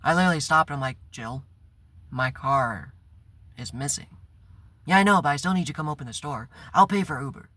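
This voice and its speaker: A man's voice: a little high, a little fast, bright, forceful tone, dry recording. A man telling a personal story in a casual, rambling vlog, swearing and breaking into bursts of exasperation. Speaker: spiritual vlogger.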